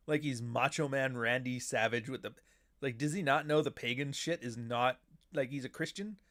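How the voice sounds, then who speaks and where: A man's voice: mid-range voice, expressive, moderate pace, fairly bright tone. Profane, sardonic middle-aged Canadian man. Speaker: show host. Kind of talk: casual livestream commentary.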